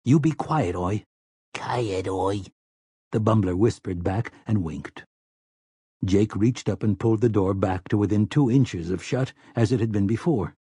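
A man narrating an audiobook in a steady, measured storytelling manner. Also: on the low side, slightly rough, dry recording, clean studio sound. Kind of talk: scripted narration.

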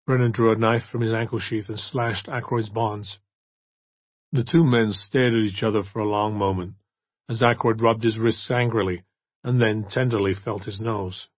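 Husky man narrating an audiobook. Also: on the low side, steady tone, moderate pace, dry recording, muffled recording.

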